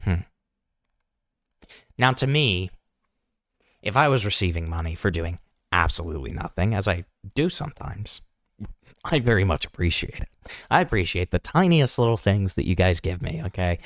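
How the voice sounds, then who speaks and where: A man's voice: deep voice, very animated, moderate pace, pauses often, dry recording, studio quality. A young man hosting online commentary, sarcastic and pointed, asking rhetorical questions. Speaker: commentary channel host.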